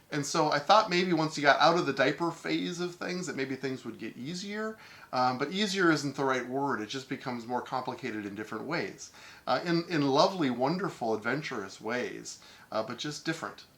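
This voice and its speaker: Bright-voiced middle-aged man musing calmly. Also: medium pitch. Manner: calm, thoughtful, frequent ums and restarts. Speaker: podcast host. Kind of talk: spontaneous personal reflection.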